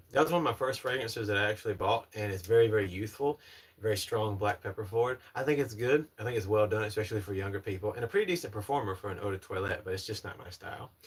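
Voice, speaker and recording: A man's voice: lowish voice, fairly bright tone, husky. A young man from North Carolina with a Southern American accent, hosting a casual livestream and answering chat comments in a polished presenter voice. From North Carolina, USA. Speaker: livestream host.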